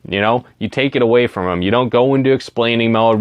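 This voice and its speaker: A man's voice: mid-range voice, fast, few pauses, smooth, no room sound. A man giving a casual sales training talk, often checking in with "right?" and acting out sample invitations. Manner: chatty, frequent "right?" tags, acts out sample invitations. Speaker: network marketing trainer.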